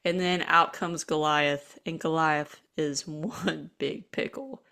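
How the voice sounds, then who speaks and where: Podcast host lively lower-voiced young woman. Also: vocal fry. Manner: animated storyteller, acts out lines in quick voices. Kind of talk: casual chat, recapping a cartoon.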